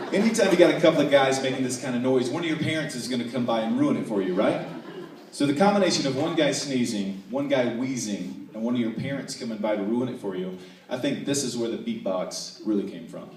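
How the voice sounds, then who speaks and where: A man's voice: mid-range voice, fairly quick, noisy background. A man from North Carolina doing a playful stand-up comedy set, with frequent asides to the audience. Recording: echoey hall, distant mic, faint ambience.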